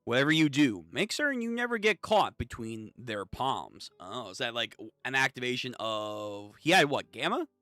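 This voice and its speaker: A man hosting a casual reaction read-through of manga, excitable and swearing, reading lines aloud. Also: medium pitch, moderate pace, hardly any pauses, no room sound. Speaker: channel host reading manga.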